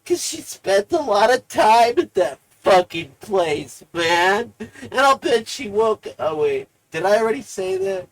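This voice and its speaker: A live-streamer in a rambling, profane, emotional monologue, swinging between low mutters and loud outbursts. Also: very animated, measured pace. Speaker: livestreamer.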